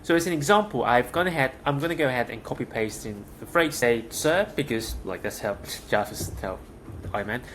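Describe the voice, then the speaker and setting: A young man casually talking through a software demo, loose and chatty with many fillers, recorded at a desk mic. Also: mid-range voice, a little fast. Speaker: tech tutorial host. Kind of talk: casual screen-share walkthrough. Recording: noisy background with keyboard clicks.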